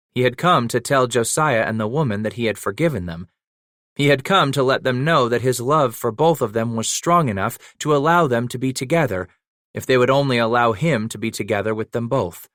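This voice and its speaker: A man reading a western audiobook in steady, measured scripted narration. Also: mid-range voice, no echo. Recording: dry close studio recording.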